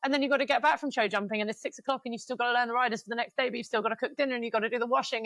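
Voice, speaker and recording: A woman's voice: fairly high pitch, steady tone, rapid-fire, hardly any pauses, fairly bright tone, no room sound. A woman in her thirties, co-hosting a podcast, talking frankly and emotionally with some swearing, and speeding up when she vents. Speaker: podcast co-host. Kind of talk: casual podcast chat.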